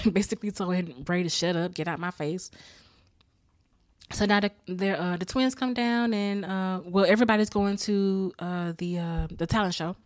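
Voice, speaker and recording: A woman's voice: fairly low pitch, normal speed, no echo, studio quality. A woman recapping a TV episode in a casual, heated rant full of profanity. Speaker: TV episode reviewer.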